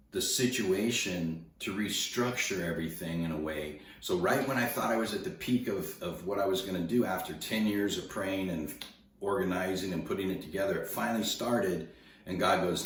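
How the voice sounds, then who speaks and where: A man's voice: low voice, recorded from a distance. A middle-aged man telling a personal story in a casual vlog, rambling and repeating words as he acts out what people said. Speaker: vlogger telling his story. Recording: echoey room, voice set back from mic.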